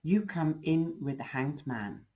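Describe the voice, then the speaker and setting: Hoarse, mellow-voiced tarot reader. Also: male voice, a little high, expressive, measured pace, rough recording. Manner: rambling, reassuring, restarts often. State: losing his voice. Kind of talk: casual tarot reading to camera.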